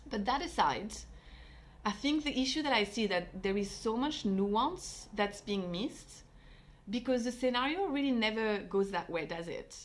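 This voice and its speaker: A woman's voice: mid-range voice, animated, unhurried. A woman hosting a parenting vlog, talking through her views in a thoughtful, conversational way with frequent fillers. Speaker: parenting channel host. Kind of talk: reflective commentary vlog.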